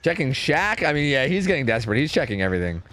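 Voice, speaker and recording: A man streaming and casually commentating a competitive match, chatty and profane, thinking out loud. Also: mid-range voice, big pitch swings, quick pace.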